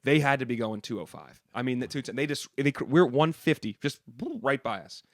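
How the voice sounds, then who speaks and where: A man co-hosting a podcast, telling a story in quick, animated casual chat full of slang. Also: mid-range voice, dry recording, studio quality. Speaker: podcast co-host and sports reporter.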